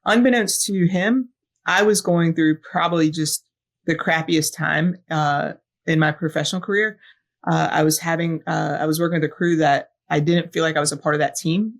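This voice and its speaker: On a podcast, a female fire battalion chief reflects earnestly on a personal story, using lots of filler sounds like um and uh. She speaks in a low, creaky voice.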